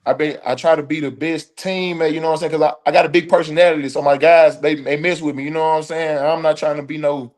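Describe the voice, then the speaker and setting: Young Southern male athlete, easygoing interview guest, voice sits a bit high. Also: fast, hardly any pauses. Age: young adult. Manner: relaxed, says "you know what I'm saying" constantly. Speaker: college football linebacker guest. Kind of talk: casual interview.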